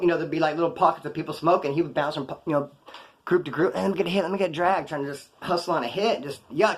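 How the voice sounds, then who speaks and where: A man from Kern County, California, rattles off prison stories at a breakneck clip. His voice sits a little high for a man, and he jumps into the voices of the people he quotes before dropping back to his own casual slang. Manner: rapid, slangy, quotes others in put-on voices. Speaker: prison storyteller vlogger. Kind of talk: fast casual storytelling monologue.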